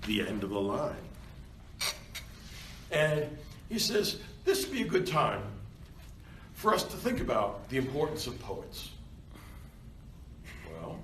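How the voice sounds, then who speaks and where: A male university lecturer giving a seminar lecture in an animated, conversational way, often checking in with his students. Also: mid-range voice, recorded from a distance. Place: seminar classroom. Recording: roomy classroom with faint background noise.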